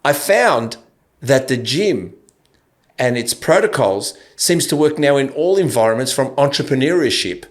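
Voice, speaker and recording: A man's voice: medium pitch, animated, a little slow. A man in his fifties with an Australian accent, hosting a podcast interview in a loose, rambling way with many restarts. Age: 50s. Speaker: podcast host. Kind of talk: casual interview chat.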